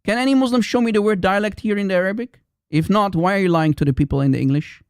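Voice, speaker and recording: A livestream host argues in a heated, combative and repetitive way, throwing challenges at his audience. His voice is high, fast, clear and resonant, recorded dry with clean studio sound.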